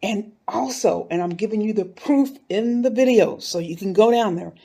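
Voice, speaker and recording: Philly woman going off on a youtube rant, fired up and indignant, bit of gravel in her voice. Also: mid-range voice, moderate pace, warm tone. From North Philadelphia. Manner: heated, indignant, talks straight to viewers. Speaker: YouTube commentator. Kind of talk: casual commentary video.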